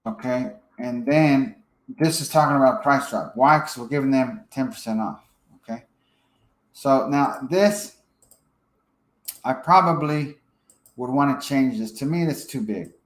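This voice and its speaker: A man giving a casual screen-share software tutorial, thinking aloud as he edits and checking in with "okay?". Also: mid-range voice, measured pace, pauses often, roomy sound, rough recording. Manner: casual, thinks aloud while editing, frequent fillers and "okay?" check-ins. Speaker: software trainer.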